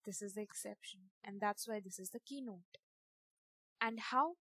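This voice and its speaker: A woman, teaching a grammar lesson over slides in a methodical way, spelling out letters and repeating examples slowly. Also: medium pitch, sharp tone, no echo.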